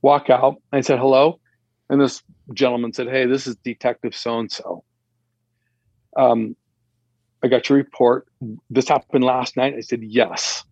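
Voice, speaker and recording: Husky man telling a lively story. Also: mid-range voice, measured pace, long pauses, dry recording, highs cut off. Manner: animated, acts out the dialogue in raised voices. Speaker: guest telling a personal story. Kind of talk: casual anecdote.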